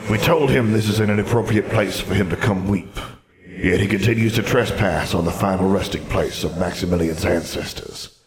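A man's voice: low voice, normal speed, close to an everyday voice. A man voicing a stern old male ghost who speaks in a formal, old-fashioned, reproving way. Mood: grave.

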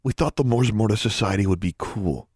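A furtive teenage boy confiding in a hush, as a man reads him. The voice stays close to a man's own low, dry tone, with a lively lilt. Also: brisk, no echo. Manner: hushed, furtive. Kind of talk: audiobook character voice.

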